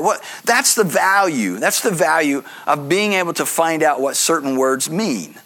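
A male pastor preaches in an earnest, teaching way, dropping in casual asides as he goes. His voice sits fairly high for a man. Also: expressive, moderate pace, fairly bright tone. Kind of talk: sermon.

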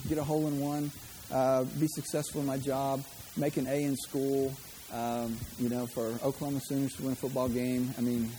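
A man's voice: fairly high pitch, dark tone, slight background noise. A man preaching a sermon as pastor, chatty and conversational, with joking asides to the congregation.

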